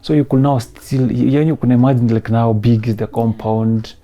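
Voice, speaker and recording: Kenyan man, gravelly, dark voice, emotional personal story, soft-spoken. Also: mid-range voice, flat delivery, normal speed. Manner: emotional, soft-spoken, mixing in Swahili phrases. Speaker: interview guest.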